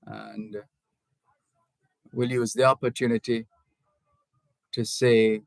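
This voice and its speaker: Slow, deliberate Jamaican radio host. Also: male voice, medium pitch, flat delivery, gravelly, no room sound, rough recording. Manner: deliberate, measured, with frequent restarts and hedging asides. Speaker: radio talk show host. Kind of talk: call-in radio talk, reading listener messages. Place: radio studio. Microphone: studio microphone.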